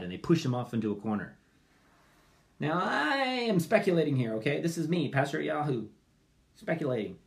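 Lively, animated man preaching a sermon. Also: fairly high pitch, moderate pace. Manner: animated, jumps between voices and loud pleading cries; drops to quiet, muttered asides. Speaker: pastor.

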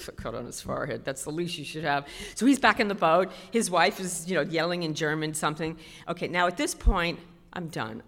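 A middle-aged woman doing stand-up storytelling, self-deprecating and animated, with sudden loud outbursts. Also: lowish voice, big-room sound. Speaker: stand-up comedian.

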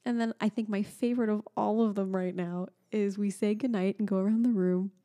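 A woman in her thirties co-hosting a casual chat, telling stories in an animated way and often trailing off to restart. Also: mid-range voice, a little fast. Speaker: podcast co-host.

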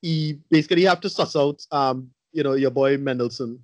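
A man's voice: medium pitch, moderate pace, a little mellow, no room sound, lo-fi sound. A man in casual podcast chat reviewing a movie, blunt, rambling and profane.

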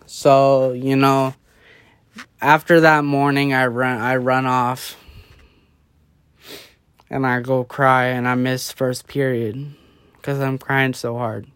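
A man's voice: medium pitch, little pitch movement, takes it slowly, long pauses, a bit bright, clean tone. A drunk young man in casual late-night chat, rambling loosely and drifting off track.

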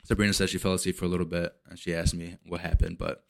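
Young male podcast host, lowish voice, casual, hyped, profane, rambling. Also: fast talker, creaky. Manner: excited, profane, rambling with many restarts. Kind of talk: casual solo podcast talk.

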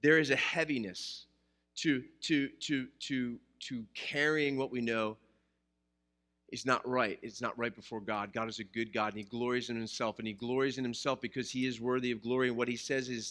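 A man's voice: medium pitch, steady tone, moderate pace, a bit bright. A man preaching a sermon to a live congregation in a church, mixing scripture with jokes and questions to the listeners. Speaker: pastor.

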